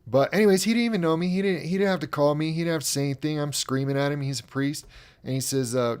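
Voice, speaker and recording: A man's voice: on the high side, fast talker, darkish tone, smooth. A man hosting a livestream broadcast, telling a candid personal testimony with frequent restarts and fillers. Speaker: broadcast host.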